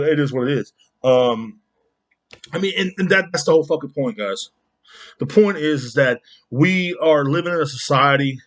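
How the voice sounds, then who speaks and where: Male podcast host, profane rant, indignant, fairly high voice. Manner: indignant, repetitive, swears a lot. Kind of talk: profane ranting monologue.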